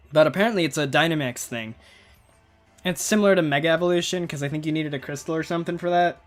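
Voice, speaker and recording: A gaming video creator in his twenties gives casual let's-play commentary in a slightly high, somewhat bright voice. He is chatty and rambling and laughs often.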